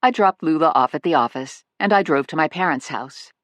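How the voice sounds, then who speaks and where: An audiobook narrator reading in a wry, lively way, the voice rising and falling a great deal. The recording is close and dry, with no room sound. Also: medium pitch, fairly quick, no echo, lo-fi sound. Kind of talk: scripted narration.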